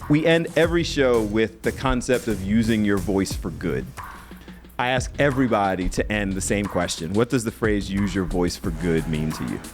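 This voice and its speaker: A man's voice: lowish voice, normal speed, soft background music. A man hosting a TV interview, attentive and responding with brief reactions. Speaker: TV interview host.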